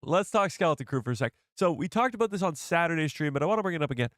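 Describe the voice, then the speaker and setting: A man's voice: a little high, expressive, very fast, a bit bright, dry recording, clean studio sound. A man hosting a casual live stream, chatting to viewers and laughing often.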